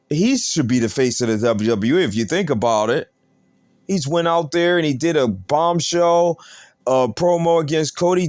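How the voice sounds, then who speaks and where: Male host for wrestling news commentary; fairly high voice, slow deliberate pace, emphatic and repetitive. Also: dry recording. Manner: emphatic, repetitive, rhetorical questions.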